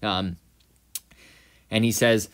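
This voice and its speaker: A man's voice: fairly low pitch, steady tone, drawn-out words, a bit bright, clean tone. A man giving a close-reading lesson on a novel, thinking aloud with many fillers and talking to viewers as guys. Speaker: literature analyst.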